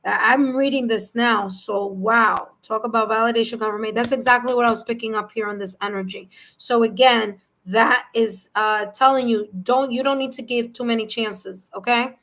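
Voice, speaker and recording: A woman with a New York accent giving a live tarot reading, animated and repeating phrases as she reads cards and chat messages aloud. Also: a little high, moderate pace, few pauses, poor audio. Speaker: tarot reader.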